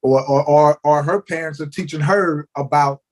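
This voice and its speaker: A man's voice: a little high, fairly even intonation, moderate pace. A man co-hosting a podcast in casual chat, making earnest points and often repeating words as he gets going. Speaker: podcast co-host.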